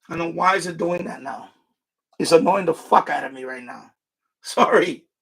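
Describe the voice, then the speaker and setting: A man's voice: fairly high pitch, moderate pace, vocal fry, a bit bright, breathy edge. A man hosting a casual live stream. He rambles, restarts his sentences and swears now and then at his equipment. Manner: rambling, frustrated asides and mild swearing; repeats himself and restarts sentences.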